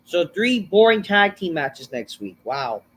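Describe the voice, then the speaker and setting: A man's voice: high voice, big pitch swings, measured pace, fairly bright tone, husky. A man hosting a casual review of a wrestling show, rambling and swearing. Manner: rambling, profane, full of fillers and restarts. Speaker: show host.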